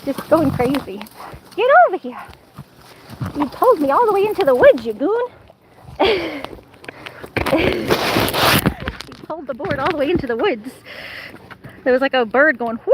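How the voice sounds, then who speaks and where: High-voiced woman vlogging at a lake. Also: noisy background. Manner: laughs often, calls to her dog. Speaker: vlogger with her dog. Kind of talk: casual outdoor vlog. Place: outdoors at a lake shore and woods. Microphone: camera on a tripod.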